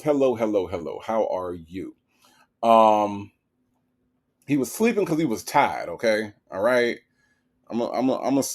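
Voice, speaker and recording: A man's voice: lowish voice, darkish tone. A man hosting a live stream, giving emphatic commentary and answering his chat, checking in with "right?" again and again. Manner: emphatic, keeps asking "right?".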